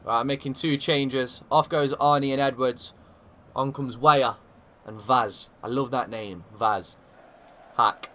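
A man commentating his own football video game, getting excitable and shouting at the big moments. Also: medium pitch, slow. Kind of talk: gaming commentary.

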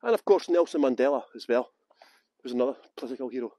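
Leading a night-time live-streamed walk through town streets, a middle-aged Scotsman with a strong accent chats to viewers by name and laughs frequently as their tour guide. He talks fast, with a medium-pitched, mellow voice and lively intonation. There is no room sound.

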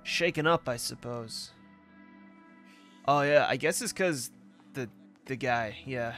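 Sleepy, rambling young gaming commentator. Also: male voice, medium pitch, slow pace, a bit bright, soft background music. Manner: rambling, casual, swears a lot. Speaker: gaming video host. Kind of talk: casual let's-play commentary.

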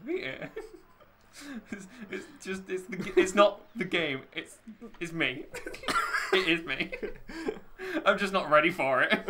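A man's voice: high voice, slow pace, long pauses, noisy background. A man playing a racing game, rambling, laughing often and swearing a lot. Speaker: gamer commentating his play. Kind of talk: casual gaming chat.

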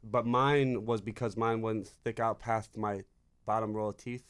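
A young man, a podcast guest, excitable and saying dude a lot. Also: fairly low pitch, measured pace, noisy background. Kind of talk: casual chat.

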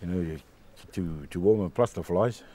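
A man who hunts pigs, chatting in a relaxed, unhurried way in the field. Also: sits low, slight background noise. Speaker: pig hunter. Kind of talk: casual chat in the field.

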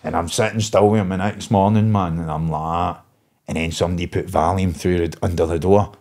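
A Glaswegian man from Scotland, a podcast guest telling a prison anecdote with lively, laughing delivery in broad dialect. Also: deep voice, a little fast. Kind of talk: anecdotal storytelling.

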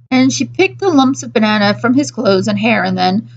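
A woman, a children's librarian, reading a storybook aloud in a gentle, even storytelling manner. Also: a little high, moderate pace, vocal fry, highs cut off. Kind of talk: storybook read-aloud narration.

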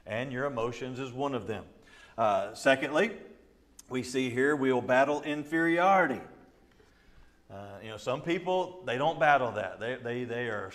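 A man's voice: mid-range voice, a bit bright. A middle-aged male pastor teaching a Bible study in a conversational way, with frequent fillers and repeats, often acting out quoted voices and laughing.

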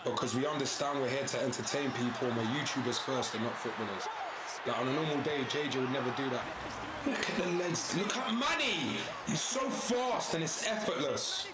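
A young man giving casual, excitable reaction commentary full of slang. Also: mid-range voice, fairly quick, roomy sound, over a noisy crowd. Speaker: YouTuber reacting to match footage.

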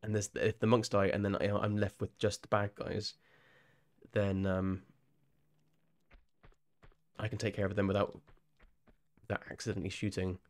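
English male streamer, young, a bit low-pitched, rambling live commentary with lots of restarts. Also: completely flat delivery, moderate pace, long pauses. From England. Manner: rambling and chatty, often restarting phrases and laughing. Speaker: game streamer.

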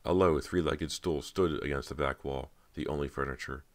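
A man narrating an audiobook in a steady, measured storytelling voice. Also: extremely low pitch.

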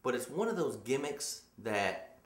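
A man's voice: medium pitch, big pitch swings, unhurried. A man hosting a casual talk show, telling rambling stories and teasing his co-host. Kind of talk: casual chat. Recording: echoey room.

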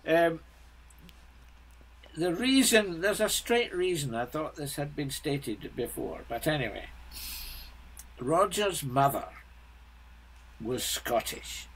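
A man in his seventies, a guest composer, talking bluntly in a halting, restart-filled way in a casual interview. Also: fairly high pitch, expressive, a bit bright, breathy edge, low-quality recording. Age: 70s.

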